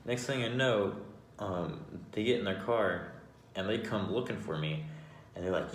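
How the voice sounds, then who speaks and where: A man with a low, deep voice tells a personal story casually and with lots of swearing. He often stops and restarts his sentences. The voice bounces around an echoey room, with a faint hiss underneath. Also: normal speed. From Arizona, United States. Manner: profane, animated, with frequent restarts.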